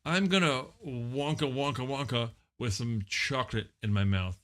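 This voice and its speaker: Man doing a mumbling eccentric movie-star impression, rambling, dismissive, bright tone. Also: medium pitch, lively intonation, moderate pace, voice pushed down, natural voice.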